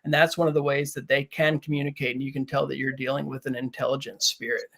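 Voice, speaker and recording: A man's voice: mid-range voice, little pitch movement, vocal fry, a bit bright. A man on a live ghost-hunt panel explaining the findings, often restarting his sentences. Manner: halting, many restarts and fillers, explanatory. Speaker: paranormal investigator on a panel.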